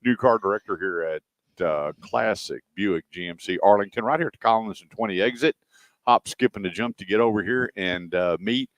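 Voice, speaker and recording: A middle-aged man, hosting a radio show from a car dealership and telling animated stories in a folksy, casual way. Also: fairly low pitch, brisk, no room sound. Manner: folksy, animated anecdote teller. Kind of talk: casual chat and storytelling.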